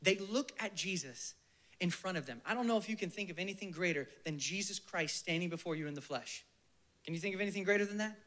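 Sitting high in pitch, a man's voice carries a passionate sermon that moves from emphatic bursts down to hushed near-whispers. Occasionally he leads his listeners in a slow, soft prayer.

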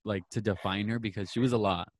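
A man's voice: on the low side, fairly even intonation, fast, no room sound. Young man, twenties, gossipy chatter, dry recording. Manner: gossipy, dramatic quoting with lots of "like". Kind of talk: casual chat reminiscing.

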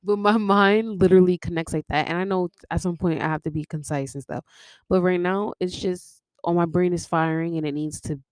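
A woman's voice: fairly low pitch, steady tone, a little fast, clear, resonant tone, no room sound, studio quality. A young woman hosting her own podcast, telling a personal story in a rambling, casual way, jumping between tangents and laughing often. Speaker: podcast host. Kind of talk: casual confessional monologue.

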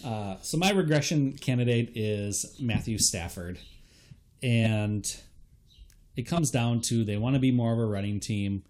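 A young man in casual podcast chat, analyzing fantasy football with relaxed fillers and hedges. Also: medium pitch, a little slow, a little hiss or hum.

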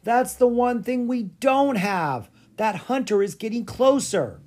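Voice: mid-range voice, expressive, unhurried, a little mellow, pitched above the performer's own voice. A storyteller voicing a brave, practical young girl in a children's storybook, speaking urgently. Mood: worried.

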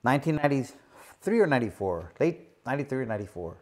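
A man's voice: medium pitch, big pitch swings, fast, darkish tone. A man, a former boxing champion, telling a long casual story, full of "you know" and repeated "he goes". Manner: rambling, many fillers and repeated "he goes".

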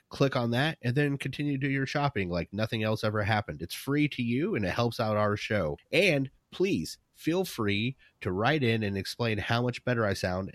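A male podcast co-host chats casually in a low voice, sprinkling in curses and self-mockery. The sound is dry and close, with no room around it. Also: dry recording. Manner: profane, self-deprecating. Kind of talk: casual chat.

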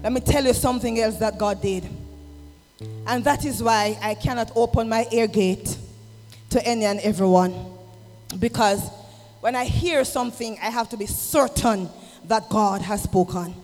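A man preaching an impassioned sermon, swinging from shouted exhortation to low, intimate asides. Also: normal speed. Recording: long hall reverb with music behind.

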